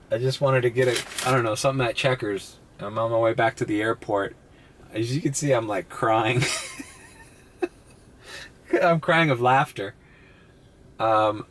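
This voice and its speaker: A man vlogging casually from inside his car as a rideshare driver, rambling, swearing and laughing a lot. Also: medium pitch. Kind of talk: casual vlog while driving.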